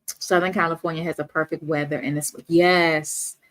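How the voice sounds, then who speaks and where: Woman host, slightly low voice, casual chatty livestream banter with viewers. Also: little pitch movement, moderate pace, fairly bright tone. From Washington, D.C. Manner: chatty, reads viewer comments aloud, laughs often.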